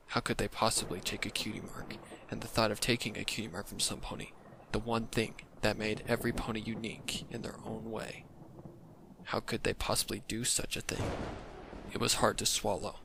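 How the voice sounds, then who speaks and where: A man reading dark fan fiction aloud, narrating in a low, measured way that often drops into whispers. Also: creaky. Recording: noisy home recording.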